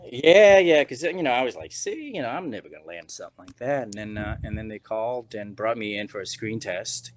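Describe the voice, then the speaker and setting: Middle-aged male actor, low-pitched, casual rambling interview storyteller. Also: expressive, brisk, hardly any pauses. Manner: rambling, many restarts and "you know"s. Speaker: actor and podcast guest.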